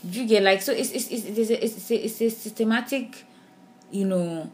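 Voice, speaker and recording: A woman's voice: medium pitch, moderate pace, darkish tone, a little hiss or hum. A woman with a Nigerian accent, co-hosting a podcast in casual discussion. She talks animatedly, often restarting her sentences and checking in with "do you understand?". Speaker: podcast co-host.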